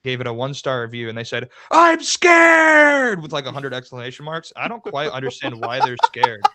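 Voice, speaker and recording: A man in his twenties co-hosting a film podcast in casual, profane, animated chat over a remote call. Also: mid-range voice, fast, dry recording. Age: 20s. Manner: animated, profane, laughs often. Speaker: podcast co-host.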